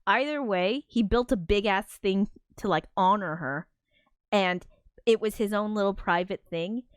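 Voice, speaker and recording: Woman streamer, mid-pitched, rambling casual chat with frequent fillers and swearing. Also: a little slow, clear, resonant tone, dry recording, studio quality. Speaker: streamer hosting film commentary.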